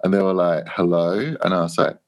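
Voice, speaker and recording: An English man telling a long anecdote in a casual chat, animated, swearing and acting out what people said. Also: low-pitched, brisk, smooth. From England. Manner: animated anecdote, swearing, laughing, acts out quoted voices. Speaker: guest. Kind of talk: casual storytelling.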